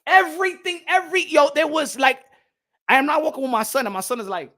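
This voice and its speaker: A man hosting a podcast, animated and slangy, laughing often. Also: extremely high pitch, a little slow, long pauses. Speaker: podcast host. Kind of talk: casual chat.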